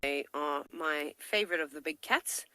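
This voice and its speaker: A woman presenting a live wildlife broadcast, chatting warmly and enthusiastically about lions feeding. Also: low voice, moderate pace, no room sound, low-quality recording.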